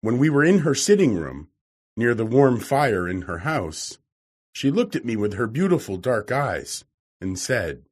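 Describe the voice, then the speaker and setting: A man reading a story aloud, expressive, acting out each character. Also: medium pitch, a little slow, slightly rough. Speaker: narrator.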